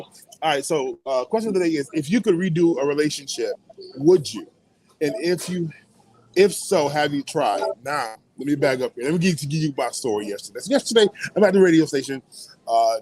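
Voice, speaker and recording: Man, 30s, radio host, casual storytelling, animated, slightly high voice. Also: fairly quick, low-quality recording. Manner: animated storytelling, laughs and whoops often. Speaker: radio morning show host.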